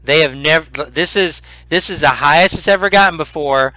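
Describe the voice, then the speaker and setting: A man narrating a tabletop role-playing game as game master, animated and full of restarts. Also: fairly high pitch, a little fast, no room sound, rough recording. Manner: animated, repeats words and restarts.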